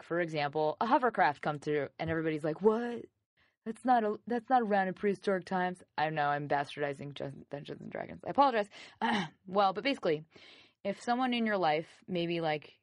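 Lower-voiced chatty woman podcaster. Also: dry recording, clean studio sound. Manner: chatty, lots of "like" and self-corrections, jokey asides. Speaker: podcast host. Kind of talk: casual self-help talk.

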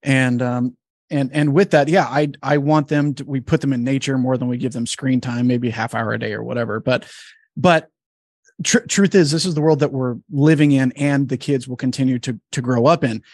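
A man in his thirties, a podcast guest, thinking through a point in a measured way. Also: medium pitch, steady tone, darkish tone, dry recording, studio quality. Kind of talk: casual panel chat.

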